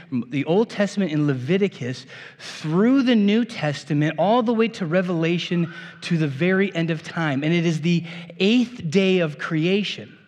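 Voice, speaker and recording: A male pastor reading scripture and then preaching in a conversational way, with rhetorical asides to the congregation. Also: sits high. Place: church sanctuary. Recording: long reverb of a church hall.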